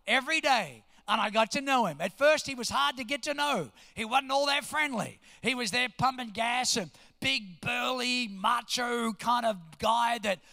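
A man in his fifties, a pastor, telling an animated sermon story and acting out the quotes. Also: extremely high pitch, normal speed, vocal fry, few pauses. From New Jersey, US. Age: 50s. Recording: long hall reverb.

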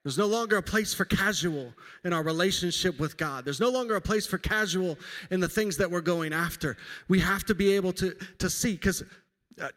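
A man in his forties delivers a conversational sermon, slipping in dry self-deprecating asides and family stories. His voice sits a little high for a man, and a long reverb trails each phrase through the church hall. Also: a bit bright. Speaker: pastor. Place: church sanctuary.

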